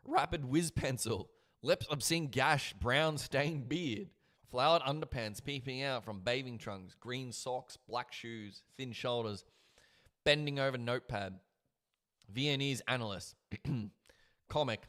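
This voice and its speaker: A man reading a book aloud on a livestream with his own commentary, dramatic and swinging between murmured and loud lines. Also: medium pitch, measured pace.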